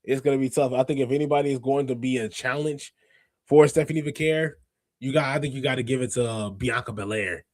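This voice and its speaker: A man hosting a podcast, recapping wrestling in a casual, animated, slangy way with lots of fillers and restarts. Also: mid-range voice, fast, no room sound, clean studio sound. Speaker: podcast host.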